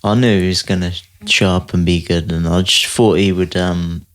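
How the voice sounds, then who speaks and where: A man's voice: low voice, fairly even intonation, normal speed. A young man, a mixed martial arts fighter, chatting casually as a podcast guest, laid-back and laughing easily.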